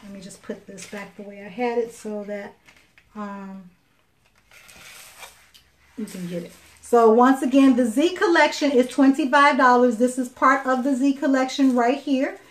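A woman from Chicago, Illinois, with a fairly high, steady voice shows off jewelry on a live video stream. Speaking close to a phone or webcam, she chats away, repeats herself, and fills pauses with ums. Slight background noise can be heard.

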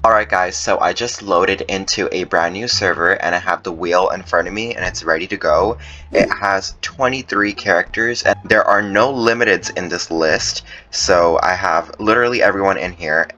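A man giving excited gameplay commentary, his voice jumping high when tense. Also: normal speed, highs cut off. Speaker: gaming YouTuber.

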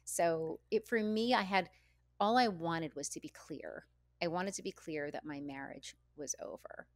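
Middle-aged woman author guest, lowish voice, halting and thoughtful, dry close sound. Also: no room sound. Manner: reflective, halting, repeats words. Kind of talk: candid conversational interview.

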